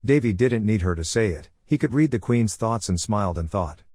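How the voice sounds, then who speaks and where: A man reading a manhwa recap as scripted story narration, in a flat, even delivery. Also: lowish voice, fairly quick, dry recording, clean studio sound.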